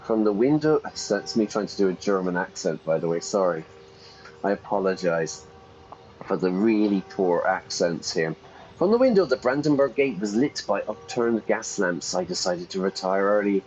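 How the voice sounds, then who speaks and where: Low-voiced man reading a game aloud. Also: expressive, a little mellow, soft background music, low-quality recording. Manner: playful, pauses to gloss vocabulary and self-correct. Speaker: English teacher streaming a game. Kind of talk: reading game text aloud and explaining words.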